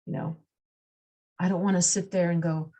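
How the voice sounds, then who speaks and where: A woman's voice: on the low side, level tone, moderate pace, warm tone. A woman explaining astrology in a casual talk, acting out the voices of the signs and laughing at herself.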